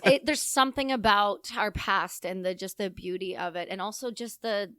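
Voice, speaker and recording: A woman's voice: medium pitch, moderate pace, fairly bright tone, clean tone, no echo. A woman from Canada in her thirties, a guest on a podcast, chatting casually and joking often. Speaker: podcast guest, army veteran. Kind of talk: casual interview chat.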